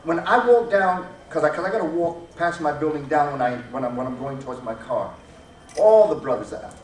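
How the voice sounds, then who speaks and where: A man's voice: on the high side, lively intonation, a little fast, far from the mic. A man giving a public lecture to an audience, emphatic and preacher-like, driving his points home with repetition. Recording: echoey hall, recorded from afar, noisy.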